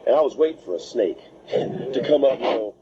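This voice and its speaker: A man telling a story in an animated way, acting out quotes with voices and sound effects. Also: medium pitch, moderate pace. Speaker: interviewee recounting a plane crash. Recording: muffled recording with steady background noise.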